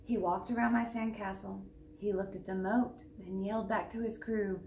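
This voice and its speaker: A woman librarian reading a picture book aloud for a children's storytime, with lively, expressive narration. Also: mid-range voice, normal speed. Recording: roomy echo, distant mic, faint background hum.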